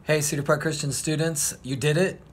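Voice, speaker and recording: A man's voice: a little high, fairly even intonation, fairly quick, slight background noise. Upbeat man addressing students. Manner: upbeat and proud.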